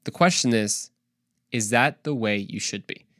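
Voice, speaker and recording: A young adult man hosting his own podcast, giving a casual devotional talk in an animated, slangy, conversational way. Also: fairly low pitch, a little slow, no echo, studio quality. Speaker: podcast host.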